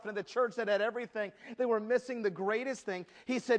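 A man's voice: sits high, fast, hardly any pauses. A man pastor giving a sermon, telling humorous stories and acting out the scenes. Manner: humorous storytelling, lively acted asides.

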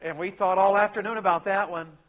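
A middle-aged man, preaching a sermon in a folksy storytelling way that swings between loud and soft. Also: high voice, fairly even intonation, fairly quick. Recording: phone-like narrow sound.

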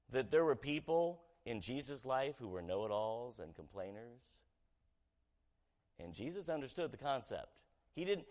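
A man preaching a sermon as pastor, talking conversationally with the congregation, asking them questions and swinging between loud emphatic lines and hushed ones. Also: medium pitch.

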